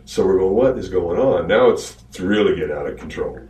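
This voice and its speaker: A man's voice: low voice, brisk, reverberant, distant mic, rough recording. A man casually telling a rambling story about an old wrestling match. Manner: rambling, animated retelling. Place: archived interview played on a podcast.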